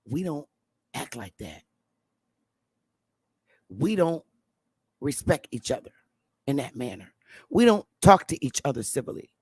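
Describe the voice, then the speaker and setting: A woman's voice: rumbling low, very animated, unhurried, long pauses, husky, no echo, studio quality. A woman from New England hosting a livestream, giving an impassioned monologue in a blunt, profane and emphatic way. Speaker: livestream host.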